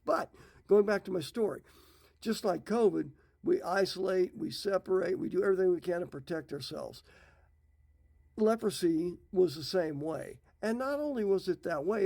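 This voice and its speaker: A man's voice: high-pitched, creaky, warm tone. A middle-aged man who teaches the Bible, retelling scripture stories in a folksy, casual way. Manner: folksy, retells scripture in his own words.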